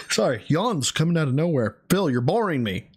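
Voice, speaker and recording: A man's voice: fairly high pitch, sing-song, moderate pace, husky. A man co-hosting a live stream, roasting his partner with sarcastic, crude jokes. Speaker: stream co-host.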